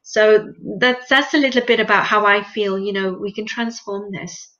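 A woman guest in an interview, explaining spiritual practice in an earnest, gently instructive way and repeating phrases for emphasis. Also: mid-range voice, moderate pace. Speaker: interview guest, meditation teacher. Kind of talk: conversational interview. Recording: lo-fi muffled sound.

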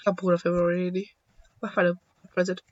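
A young man giving excitable, joking commentary while playing a video game, swearing now and then. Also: sits high, fairly quick, dry recording. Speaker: gaming YouTuber. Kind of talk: casual gameplay commentary. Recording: dull lo-fi dry sound.

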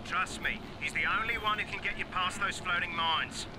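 A desperate man , played by an actor, pleads in a video game cutscene. His voice sits high and strained. Loud ambient noise hums behind him. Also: moderate pace, natural voice. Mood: urgent pleading. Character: desperate middle-aged man pleading for wife.

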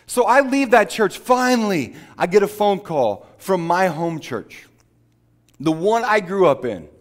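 A man's voice: high-pitched, sing-song, unhurried. A man preaching a sermon, telling a personal story in a conversational way that builds to emphatic preaching. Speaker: pastor.

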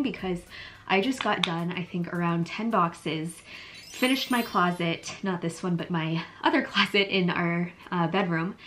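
A woman's voice: medium pitch, fairly bright tone, a little hiss or hum. A woman in her thirties chatting casually to her vlog audience at home, bubbly and laughing often. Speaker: vlogger. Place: home kitchen and vanity.

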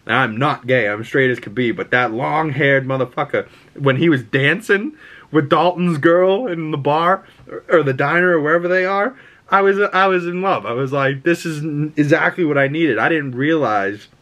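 Excitable, foul-mouthed man reviewing a movie. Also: a little high, moderate pace. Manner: excitable, profane, rambling with many fillers. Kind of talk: casual vlog film review.

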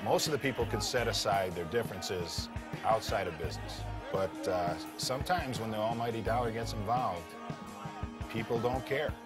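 A man's voice: on the low side, normal speed, music in the background. A male trader speaking matter-of-factly in a documentary interview.

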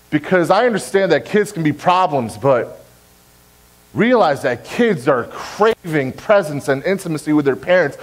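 In a church sanctuary, a young adult pastor with a high-sitting voice preaches a sermon earnestly and directly, repeating key phrases to drive his point home. The recording is rough.

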